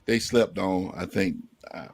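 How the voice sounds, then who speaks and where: A man's voice: low voice, unhurried, creaky, darkish tone, breathy edge, no echo. A man on a livestream comics panel, speaking hesitantly and stumbling to start his points. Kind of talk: casual panel chat over a livestream. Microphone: video call.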